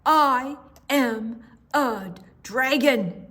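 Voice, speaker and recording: A woman voicing a stubborn little dragon who slowly and firmly insists on being a dragon. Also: sits high, fairly bright tone, pitched above the performer's own voice, heavily acted. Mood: insistent. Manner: insistent, slow and emphatic.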